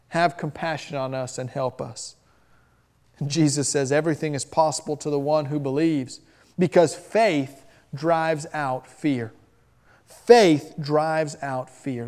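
A man preaching a sermon, emphatic, moving between loud stressed phrases and soft drops. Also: fairly high pitch. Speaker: pastor.

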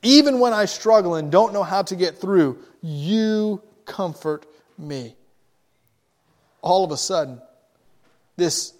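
A man preaching a sermon as pastor, earnest and emphatic, slowing down to stress key phrases. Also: on the high side. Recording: long hall reverb.

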